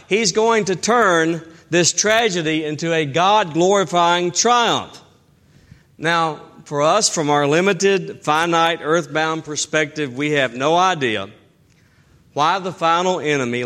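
A middle-aged man preaching a sermon as pastor, emphatic and slowing down to stress key phrases. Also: fairly high pitch, fairly bright tone.

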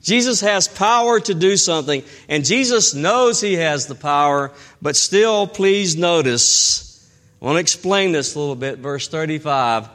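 A middle-aged man preaching a sermon as pastor, emphatic and slowing down to stress key phrases. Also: on the high side, expressive, a bit bright.

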